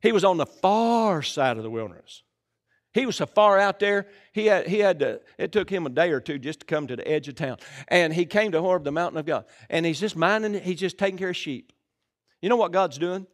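An older man with a Southern US accent, a pastor preaching a live sermon in a church, folksy and joking, breaking into shouts. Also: high voice, lively intonation, fairly quick.

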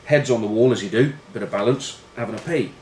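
A middle-aged former rugby player rambles through stories with plenty of swearing, fillers and self-mockery. His voice sits a bit low. The room is echoey, with a faint background hiss. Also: quick pace, darkish tone. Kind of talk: casual storytelling. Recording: roomy room echo with faint noise.

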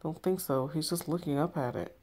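A woman reading the texts of a young woman hiding from a stalker, hushed and tense. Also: low-pitched, fairly quick. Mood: scared. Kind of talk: text story read aloud.

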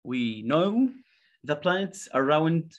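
A man with an Egyptian accent teaching an English lesson, halting with many fillers and repeated words as he drills pronunciation. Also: on the high side, expressive, dull audio. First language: Arabic. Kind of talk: slow classroom explanation.

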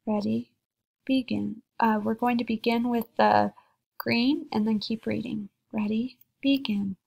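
A woman teacher reading a children's story aloud, slowly and deliberately, pausing between short phrases. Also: fairly high pitch, fairly even intonation, vocal fry, a little mellow, husky. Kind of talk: slow read-aloud lesson for children.

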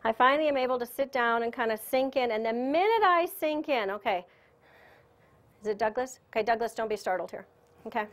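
A woman's voice: a little high, brisk. Chatty woman telling a story to a room. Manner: chatty, animated storyteller who laughs often. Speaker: spiritual teacher giving a lecture. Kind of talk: conference lecture, personal storytelling. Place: conference room.

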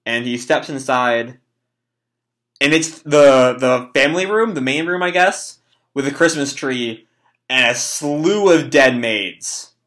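A man's voice: medium pitch, slow pace, fairly bright tone. A young man reading and reacting to a manga chapter in casual, rambling talk with swearing and lots of fillers.

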